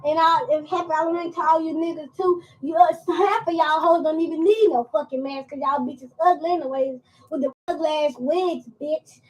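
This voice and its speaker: A brash, foul-mouthed woman, as a man puts her on rants and hurls insults at the top of a very high voice. She is loud, crude and relentless. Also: steady tone, normal speed, low-quality recording. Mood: insulting. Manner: loud, insulting, profane rant.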